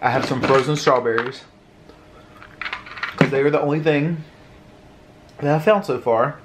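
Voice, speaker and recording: A man's voice: on the high side, very noisy. A man chatting casually to viewers in a mukbang, sighing and suffering from spicy food. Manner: chatty, drawn-out sighs, informal. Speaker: food vlogger.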